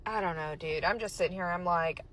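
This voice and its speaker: A woman's voice: on the low side, a little fast. A woman ranting frustratedly to camera, swearing.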